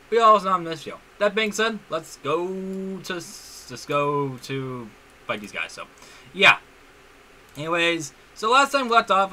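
A young man chats excitedly through a game, restarting phrases as he goes. His voice is very bright and a little high, with lots of pitch movement. Faint noise hums behind him. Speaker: gaming YouTuber. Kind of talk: casual gameplay commentary.

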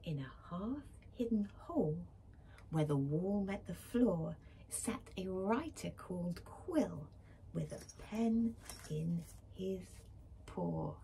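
A woman reading a picture book aloud to schoolchildren, gentle and expressive, often dropping to a whisper. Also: fairly low pitch, slow, vocal fry, slight background noise. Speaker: school librarian reading to pupils.

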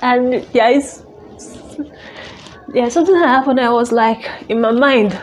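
A woman telling a personal story in a halting, emotional way, full of restarts. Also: fairly high pitch, a little hiss or hum. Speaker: vlogger.

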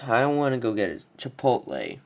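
A man's voice: medium pitch, wildly swooping pitch, brisk, gravelly, darkish tone. A young man from the United States giving casual, rambling commentary on car brands, often stumbling over names. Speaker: car reviewer. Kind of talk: casual commentary on a tier list.

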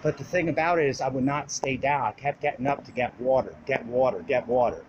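Guy rambling a wild personal story, cursing a lot, animated, muffled phone mic with hiss. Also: medium pitch, brisk. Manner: profane, rambling, animated retelling. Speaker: vlogger.

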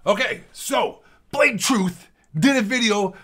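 A man with a fairly high voice rants straight to camera as a gaming commentator. His delivery is profane and heated, full of sarcastic jabs and repeated phrases. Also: slow, over loud music. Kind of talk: ranting video commentary.

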